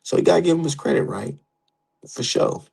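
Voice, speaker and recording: A young adult man giving profane, heated, animated commentary as a boxing streamer. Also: fairly high pitch, fairly quick, gravelly, husky, poor audio. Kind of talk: casual ranting commentary.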